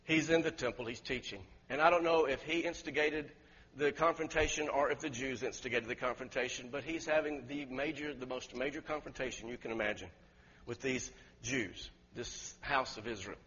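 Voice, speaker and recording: Male preacher, husky and high-pitched, emphatic sermon delivery, lo-fi recording with long hall reverb. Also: normal speed. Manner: emphatic, questions the congregation, rises to loud peaks.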